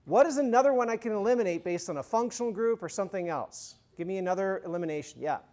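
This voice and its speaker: A man's voice: high voice, expressive, fast talker, warm tone. A man giving a university chemistry lecture in a conversational way, quizzing the class with review questions and adding informal, humorous asides.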